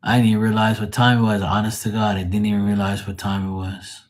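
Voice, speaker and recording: A man's voice: fairly low pitch, little pitch movement, quick pace. A man hosting a late-night live tarot stream, telling stories in a rambling, profane way and laughing at them. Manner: laughs often at his own stories. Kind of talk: late-night livestream storytelling.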